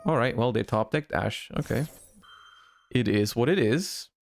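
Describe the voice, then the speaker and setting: A man streaming a card game live, thinking his plays through out loud, with sudden excited outbursts. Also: medium pitch, a little slow, faint music behind. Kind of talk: live-stream gameplay commentary.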